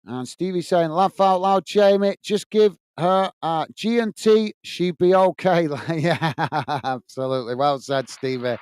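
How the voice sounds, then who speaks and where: A man from England with a high, smooth, clear voice calls a football match for a live fan stream. He reads viewer comments aloud between passages of play and cheers on his side. The sound is close and dry, with no room around it. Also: measured pace, hardly any pauses, darkish tone, no room sound. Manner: chatty, reads out viewer comments, partisan for his own team. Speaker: watch-along host and commentator.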